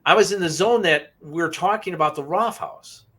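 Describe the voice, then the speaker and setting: A man co-hosting a paranormal podcast, telling a personal story in a halting, emotional way and often repeating himself. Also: fairly high pitch, bright, forceful tone. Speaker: podcast co-host. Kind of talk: casual storytelling.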